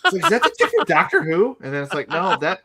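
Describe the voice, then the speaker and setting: Jokey podcast dude, kinda high voice, lots of up and down. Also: male voice, wildly swooping pitch, fast talker, crowd noise. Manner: jokey, slips into silly voices. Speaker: podcast co-host. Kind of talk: casual pop culture chat.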